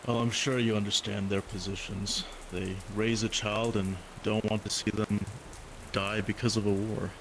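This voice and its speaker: Casting: man as measured soldier, deep voice, rain clearly heard. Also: level tone, close to an everyday voice. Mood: polite. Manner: measured, polite. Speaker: roleplay player. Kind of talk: casual voice roleplay. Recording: clear rain noise behind.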